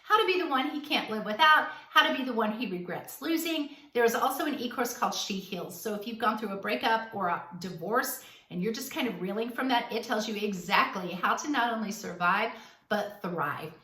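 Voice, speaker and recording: A woman's voice: fairly high pitch, expressive, a little fast, pushed and bright, reverberant, far from the mic. A woman giving blunt, emphatic dating advice straight to the viewer, acting out bits of dialogue. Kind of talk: direct-to-camera advice talk.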